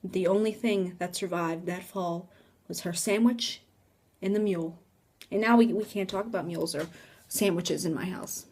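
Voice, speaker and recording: Breathy young woman telling a storytime. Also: lowish voice, normal speed. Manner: animated, dramatic, drops into whispers for effect. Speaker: vlogger. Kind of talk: casual storytime. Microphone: phone.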